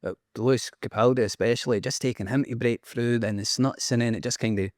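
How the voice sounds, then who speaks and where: A man with a Scottish accent, a band member, talking in a relaxed, easygoing way in an interview. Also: medium pitch, fast, no room sound, studio quality. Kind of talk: casual interview.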